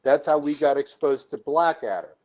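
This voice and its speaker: A man chats on a live call with a slightly raised pitch. He gets animated about the topic and often repeats words as he gets going. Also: moderate pace, dull audio, crowd noise. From United States. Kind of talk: casual chat on a live call.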